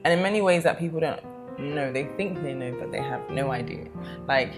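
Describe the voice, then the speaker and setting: A woman's voice: sits low, brisk, music in the background. A young woman talking casually to camera, chatty and affectionate, rambling with lots of fillers. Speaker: vlogger.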